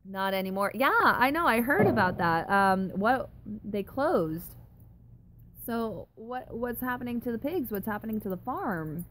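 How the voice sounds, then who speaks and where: A woman's voice: a little high, animated, a little slow, fairly bright tone, a little hiss or hum. A young woman chatting casually on a live stream, reading comments aloud and reacting with giggly, exaggerated disgust. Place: home in a dry desert city.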